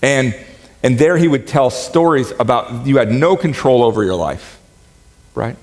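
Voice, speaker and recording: A man preaching a sermon as pastor, in a conversational, joking way that turns animated when he quotes. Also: mid-range voice, a little slow. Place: church sanctuary. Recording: reverberant church hall.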